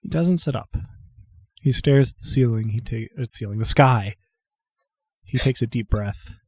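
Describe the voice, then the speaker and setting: Unhurried male game master, relaxed and laughing easily, dry sound. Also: medium pitch, breathy edge, dry recording. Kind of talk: narrating a tabletop game.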